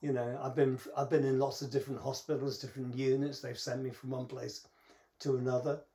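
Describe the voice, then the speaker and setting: A man's voice: medium pitch, little pitch movement, mellow. British man telling hospital stories. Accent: British English. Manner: halting, storytelling, laughs at his own anecdotes. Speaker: podcast co-host. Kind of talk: casual chat.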